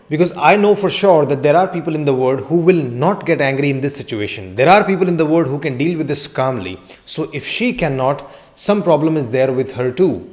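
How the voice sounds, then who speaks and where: A man's voice: fairly high pitch, darkish tone. A man, a counselling psychologist, giving a conversational educational talk to camera and often asking rhetorical questions.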